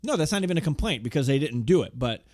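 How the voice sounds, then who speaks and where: A man's voice: fairly high pitch, big pitch swings, fast, darkish tone, no room sound. A man co-hosting a podcast, chatting casually in an easygoing, agreeable way with dry jokey asides. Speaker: podcast co-host. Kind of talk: casual podcast chat about wrestling.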